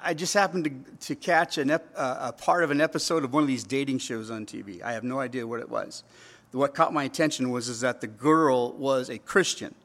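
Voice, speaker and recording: Gravelly pastor preaching casually. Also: male voice, medium pitch, fairly quick, a bit bright. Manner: conversational preaching with acted asides and quoted voices. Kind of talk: sermon.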